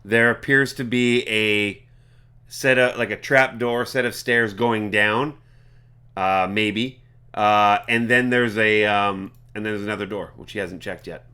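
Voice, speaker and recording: A man narrating as game master of a tabletop game, talking in halting bursts full of fillers. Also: lowish voice, steady tone, bright, forceful tone, smooth. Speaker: dungeon master.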